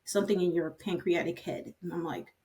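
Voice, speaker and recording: A woman's voice: on the low side, steady tone, brisk, warm tone. A woman in her fifties candidly recounting her own story in an interview, acting out the conversations she had with others. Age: 50s. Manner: candid, retells scenes by quoting others. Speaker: patient sharing her story. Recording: voice from a distance.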